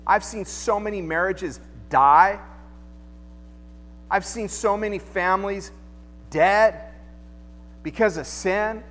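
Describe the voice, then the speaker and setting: A pastor with a high voice and fairly bright tone gives a sermon in a reverberant church sanctuary, speaking slowly with long pauses. His preaching is conversational and peppered with rhetorical questions, and the recording carries long hall reverb with faint music behind it.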